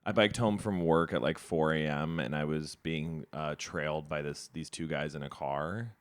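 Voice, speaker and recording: A man's voice: very deep voice, steady tone, moderate pace, no echo. A young man co-hosting a podcast, telling a rambling story in casual chat and filling his talk with "like". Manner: rambling storyteller, heavy use of "like". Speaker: podcast co-host.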